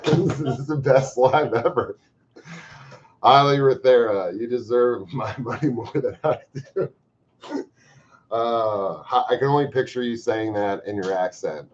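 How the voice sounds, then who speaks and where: A man hosting a livestream, chatting casually and reading out viewer comments with profane, joking bursts of loud emphasis. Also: medium pitch, a little slow. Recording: slightly dull lo-fi stream audio.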